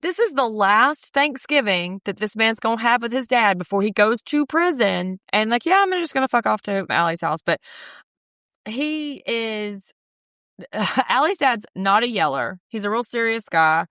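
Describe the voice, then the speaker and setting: A woman co-hosting a casual chat, retelling events in an animated, emphatic way and swearing freely. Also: fairly high pitch, moderate pace, no echo, clean studio sound. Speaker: podcast co-host. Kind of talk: casual chat recapping a reality show.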